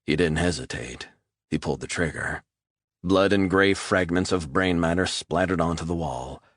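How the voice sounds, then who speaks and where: Deep-voiced man narrating a thriller. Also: normal speed, a bit bright, dry recording, clean studio sound. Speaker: audiobook narrator. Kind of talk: scripted narration.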